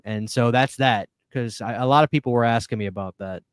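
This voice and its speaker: A chatty man hosting a live stream, reading out viewer comments and laughing easily. His voice is smooth and resonant. The recording is dry and close. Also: mid-range voice, a little fast, no room sound. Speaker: podcast host. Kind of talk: casual live-stream chat.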